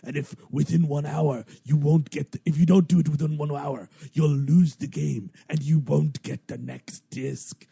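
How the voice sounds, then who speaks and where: A man putting on a smug male CD-ROM game narrator who gives hints in a slow sarcastic drawl. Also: on the high side, fairly even intonation, gravelly, mellow, breathy edge, dry recording, studio quality, full character voice. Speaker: podcast co-host.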